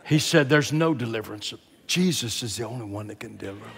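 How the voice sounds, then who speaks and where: An older man preaching a sermon, moving from quiet, hushed emphasis to loud, impassioned exhortation. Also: medium pitch, animated, fast, vocal fry, hardly any pauses, a faint crowd. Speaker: guest preacher. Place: large church sanctuary. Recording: long reverb of a large hall.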